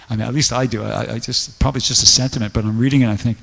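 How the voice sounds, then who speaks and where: A man's voice: medium pitch, steady tone, racing, gravelly, a bit bright, long reverb tail. A man giving a casual scripture class, telling stories in a rambling way with many fillers. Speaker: temple lecturer. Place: temple hall.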